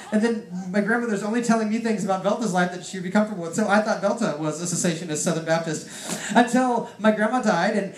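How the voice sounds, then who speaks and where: A man preaching a personal testimony, rambling with lots of "like" fillers. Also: high-pitched. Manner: rambling storyteller, heavy use of "like". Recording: roomy echo.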